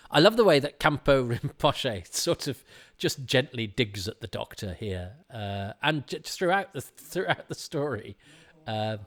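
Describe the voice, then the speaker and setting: A man giving casual commentary on an old TV episode, rambling and often restarting his sentences. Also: fairly low pitch. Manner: rambling and self-interrupting, frequent restarts.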